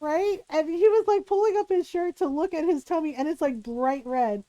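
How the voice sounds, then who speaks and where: Casual lively lady streamer telling a story, lots of laughs and "right?", high bright voice. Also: normal speed, no echo, muffled recording. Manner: animated, laughing often, keeps asking "right?". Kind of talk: casual storytelling to a live chat.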